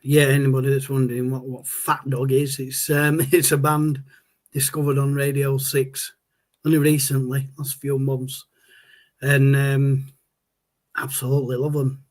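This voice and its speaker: A man's voice: medium pitch, completely flat delivery, unhurried. A man, hosting a casual livestream and rambling as he answers viewer chat. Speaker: livestream host.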